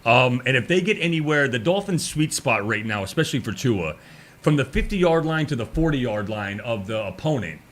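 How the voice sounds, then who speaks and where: A man's voice: mid-range voice, animated, moderate pace, a bit bright. A man co-hosting a sports radio show, confidently building his argument. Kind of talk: casual sports talk.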